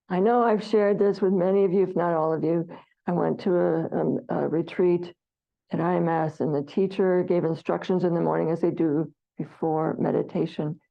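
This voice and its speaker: A woman leading a meditation class, speaking gently and reflectively and acting out the inner voices of her students. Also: fairly low pitch, steady tone, normal speed, creaky. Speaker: meditation teacher. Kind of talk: dharma class talk. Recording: dull lo-fi recording.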